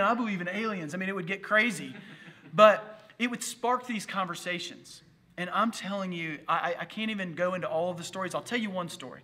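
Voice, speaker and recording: A man preaching a livestreamed sermon, telling stories animatedly and acting out other people's voices. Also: fairly high pitch. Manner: animated storytelling with acted voices. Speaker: pastor. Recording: livestream audio.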